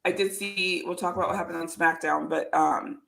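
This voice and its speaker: Woman cohost chatting casually, kinda low voice, lots of ums. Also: brisk, vocal fry. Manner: relaxed, lots of fillers like um and uh. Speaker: podcast co-host. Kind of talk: casual chat.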